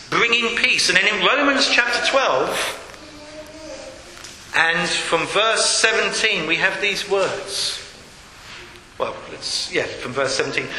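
High, bright preacher in an echoey hall. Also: male voice, a little hiss or hum. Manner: reads scripture aloud, asks rhetorical questions. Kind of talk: sermon. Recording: echoey hall, faint ambience.

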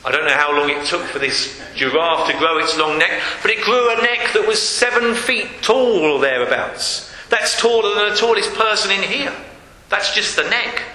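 A man's voice: high-pitched, normal speed, bright, forceful tone. A man preaching a sermon in a church hall, earnest and repeating key phrases for emphasis. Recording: echoey hall with long reverb.

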